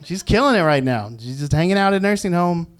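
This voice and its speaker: A man's voice: high-pitched, lively intonation, quick pace, clear, resonant tone. A man performing a stand-up comedy set on a club stage, acting out quotes and laughing at his own jokes. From Virginia, US South. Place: comedy club stage before a live audience.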